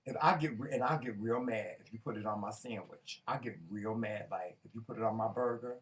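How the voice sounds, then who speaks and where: A man's voice: fairly low pitch, fairly quick, recorded from a distance, low-quality recording. Sassy man, off-mic. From Southern United States. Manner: emphatic, sassy, fussy about food. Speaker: talk show co-host. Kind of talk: casual chat.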